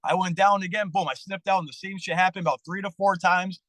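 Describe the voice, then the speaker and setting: A man telling his story as a podcast guest in a candid, profane, animated way. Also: sits high, fast talker, no room sound, low-quality recording. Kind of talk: casual storytelling interview.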